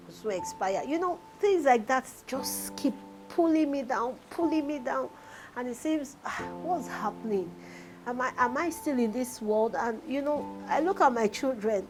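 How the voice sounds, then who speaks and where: Nigerian woman, forties, higher pitched voice, tearful confessional, music underneath. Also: poor audio. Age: 40s. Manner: tearful, pouring out hardship, repeating phrases. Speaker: reality show contestant. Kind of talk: emotional confessional talk.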